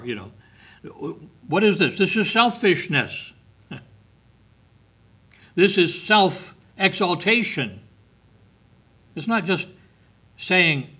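A man's voice: high voice, big pitch swings, slow, long pauses, pushed and bright. A middle-aged man preaching a sermon, emphatic, repeating words and reading scripture aloud.

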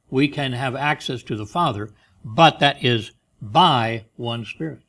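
A man preaching a sermon, pressing key phrases slowly and loudly, then dropping quiet for stories. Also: medium pitch. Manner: emphatic, slows and rises on key phrases, drops soft for stories.

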